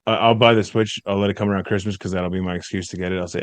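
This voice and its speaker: A man's voice: low-pitched, fairly even intonation, rapid-fire, dry recording. A man co-hosting a podcast, ranting bluntly and profanely in casual crude banter. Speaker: podcast co-host.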